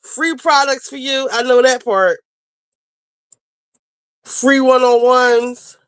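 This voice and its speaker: A woman hosting a casual livestream, chatting to viewers and getting loud and teary with excitement over new supporters. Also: high-pitched, takes it slowly, clear, resonant tone, no echo. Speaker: livestream host.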